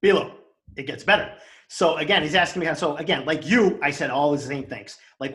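A man with a Boston accent tells a story at a rapid clip, his voice sitting a little high for a man. He talks in a heated, profane rush, acting out both sides of the exchange. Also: fairly bright tone. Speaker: co-host telling a story. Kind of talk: casual storytelling chat.

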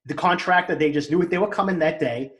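A man with a Boston accent telling an angry story in casual chat, fast and profane. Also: fairly high pitch.

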